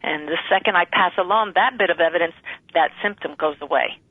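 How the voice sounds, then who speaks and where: A woman speaking as a guest medium in an interview, calm and articulate as she explains her experiences. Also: on the low side, fairly quick, husky, no echo. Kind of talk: interview conversation. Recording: tinny phone line.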